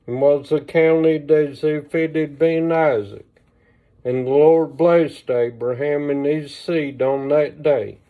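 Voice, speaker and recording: A man reads an ancient text aloud, very slow and measured, pausing now and then for asides. His voice sits a bit high. It is streamed from a phone, so it sounds thin and tinny. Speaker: reader. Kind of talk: reading scripture aloud on a livestream.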